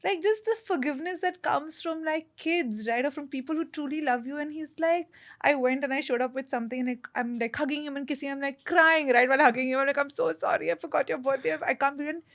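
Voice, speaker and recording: A woman chats as a podcast guest, her voice sitting a little high. She talks in lively bursts, full of fillers and restarts. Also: fast talker. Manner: chatty, animated, many fillers and restarts. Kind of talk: casual conversation.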